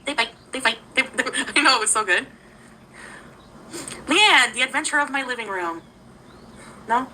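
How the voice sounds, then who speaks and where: A chatty woman on a livestream with a high, bright, bouncy voice. She greets viewers by name and giggles often. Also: expressive, unhurried, long pauses, slight background noise, low-quality recording. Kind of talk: casual livestream chat.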